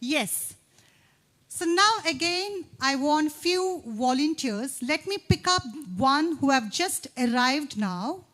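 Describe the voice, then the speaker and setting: A woman emceeing a campus event, upbeat and coaxing, rattling off tongue twisters quickly. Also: high-pitched, animated, a bit bright. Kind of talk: lively stage hosting.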